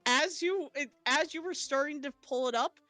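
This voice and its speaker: A woman's voice: high-pitched, bright, forceful tone, no echo, faint music behind. Woman game master narrating, dry close mic. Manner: halting narration, frequent restarts and laughs.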